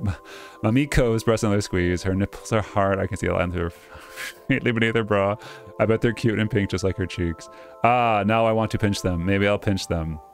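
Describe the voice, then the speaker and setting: Low-voiced male let's player, wry and self-interrupting, reading game text with faint music behind. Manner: wry, self-interrupting, stumbles over names. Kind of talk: reading a game script aloud with jokey asides.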